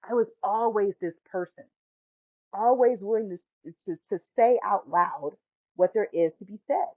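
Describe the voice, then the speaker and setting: A woman in her forties hosting a podcast, telling a story in a lively way and acting out the voices she quotes. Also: medium pitch, normal speed, no room sound. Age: 40s. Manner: animated, acts out quoted voices, laughs often. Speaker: podcast host. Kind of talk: storytelling monologue. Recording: dry, phone-like line.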